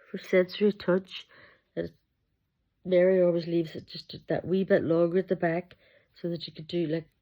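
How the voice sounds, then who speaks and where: Gravelly-voiced woman chatting on a lo-fi home video. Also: on the low side. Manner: chatty, rambling, fond and gushing. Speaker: reborn doll collector vlogger. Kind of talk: casual show-and-tell chat to camera.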